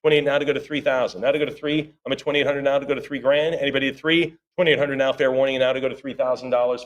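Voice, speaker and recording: A man's voice: mid-range voice, steady tone, lo-fi sound. A man working as auctioneer at a live sale, rattling off rising bids in a rhythmic chant and breaking off for chatty asides. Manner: rapid rhythmic bid calling with chatty asides.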